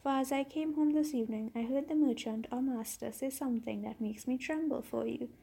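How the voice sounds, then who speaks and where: Brief: woman reading a crafty talking donkey, husky, gravelly, high-ish. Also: fairly quick, warm tone, heavily acted. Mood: urgent. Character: scheming talkative male donkey.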